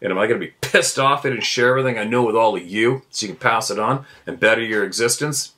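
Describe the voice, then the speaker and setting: A man in full rant mode, hosting his own show, blunt and foul-mouthed, circling back to the same points again and again. His voice sits fairly low but comes out sharp and forceful. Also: fast. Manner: blunt and profane, repeats himself. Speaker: podcast host. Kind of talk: fired-up ranting monologue.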